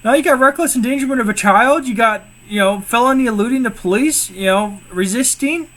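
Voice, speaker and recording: A man's voice: very high-pitched, fairly quick, bright, forceful tone. A man giving casual, exasperated commentary on police footage, swearing and repeating his points. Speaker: co-host reacting to police footage.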